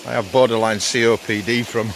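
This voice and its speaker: A man's voice: mid-range voice, steady tone, a little fast, fairly bright tone, a little hiss or hum. A man in his fifties with a Yorkshire accent, chatting casually and a bit out of breath while walking his dog in hilly countryside. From England. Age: 50s. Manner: chatty, rambling, swears casually.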